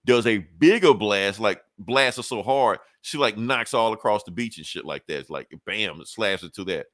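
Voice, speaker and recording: A podcast co-host with a voice on the low side and a fairly bright tone casually retells a comic book story, loose, profane and laughing often. He speaks at normal speed with lively intonation, in clean studio sound with a dry recording.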